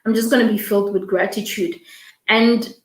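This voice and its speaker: A woman's voice: mid-range voice, fairly even intonation, normal speed, echoey room, low-quality recording. A woman hosting a morning livestream, emotional and reading viewer comments aloud. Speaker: host. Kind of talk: casual livestream talk.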